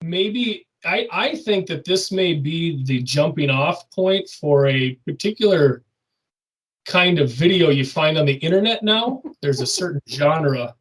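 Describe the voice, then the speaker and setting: Male co-host, chatty and agreeable, slightly raised pitch, a bit distant from the mic. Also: expressive, measured pace, a bit bright. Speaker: podcast co-host. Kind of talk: casual chat.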